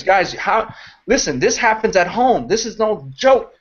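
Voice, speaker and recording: Animated man giving a leadership pep talk. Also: high-pitched, unhurried, husky, lo-fi sound. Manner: animated, rambling, mocks shouting voices. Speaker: network marketing mentor. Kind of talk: casual motivational talk.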